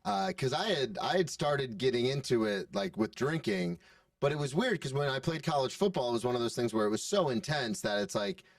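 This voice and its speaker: A man's voice: mid-range voice, fairly quick, creaky, dry recording, studio quality, distant mic. A man in his thirties hosting a podcast, chatting casually, telling his own stories and nodding along. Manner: relaxed, affirming, tells his own stories. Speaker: podcast host. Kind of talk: casual interview chat.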